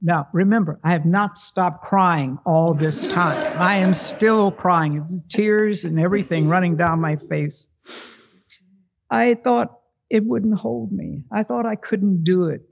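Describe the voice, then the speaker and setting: A man with a slightly higher-than-usual voice and a gravelly texture tells a personal story to a live audience. He is animated and acts out the other voices in the tale.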